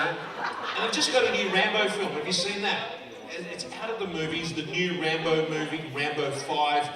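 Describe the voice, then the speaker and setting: A man's voice: a little high, fairly even intonation, moderate pace. Australian man doing stand-up in an echoing hall. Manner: playful, teasing the audience, breaks into impressions. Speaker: comedian hosting an awards night. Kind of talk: stand-up comedy with crowd work. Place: large event hall with a live audience. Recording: echoey hall, distant mic, crowd noise.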